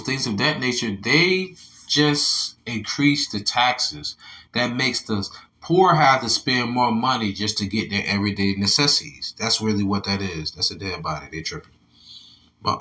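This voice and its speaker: A slightly tipsy religious commentator gives a loose, profane scripture lesson, reading articles aloud and talking back to his listeners. His voice is fairly high-pitched with a sharp tone.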